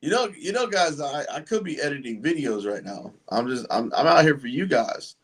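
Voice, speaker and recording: A man's voice: fairly high pitch, animated, normal speed, breathy edge. A man hosting a casual livestream, chatting loosely and joking with viewers and guests. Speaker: livestream host.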